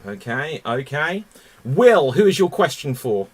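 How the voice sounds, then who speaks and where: A man hosting a live online improv comedy show, brisk and amused, often repeating himself. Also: mid-range voice, very animated, slightly rough.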